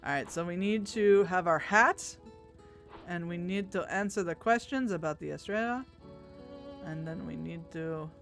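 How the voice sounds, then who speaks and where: A woman's voice: fairly low pitch, measured pace, soft background music. A woman streaming a game, chatting casually and reading the characters' lines aloud in put-on voices. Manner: chatty, laughs often, puts on voices for characters.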